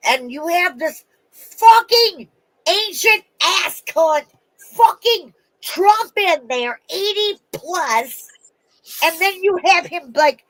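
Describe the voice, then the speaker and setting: High-voiced woman going off, cursing nonstop, stops and restarts, dry close sound. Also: big pitch swings, a bit bright, dry recording, poor audio. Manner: profane, swearing heavily; fast restarts and trailing-off sentences. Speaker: vlogger. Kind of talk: angry casual rant.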